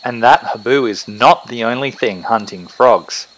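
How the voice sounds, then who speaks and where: A man's voice: medium pitch, measured pace, low-quality recording. A man with an Australian accent hosting a wildlife vlog outdoors by a creek at night, chatty and calling the animals mate. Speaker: wildlife vlogger host. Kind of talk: casual field narration. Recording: outdoor recording with loud insects. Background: crickets and insects.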